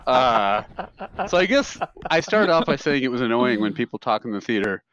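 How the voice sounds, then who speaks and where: A man's voice: medium pitch, very animated, moderate pace, a bit bright, dry recording. Rambling man telling funny stories. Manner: rambling storyteller who laughs at his own stories. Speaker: podcast co-host. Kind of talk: casual chat. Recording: dry, slightly dull podcast mic.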